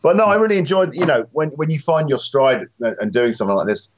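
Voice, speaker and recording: A man's voice: mid-range voice, expressive, fast talker, dull audio. A man, a musician guest, talking casually and self-deprecatingly in an interview, with many fillers and restarts.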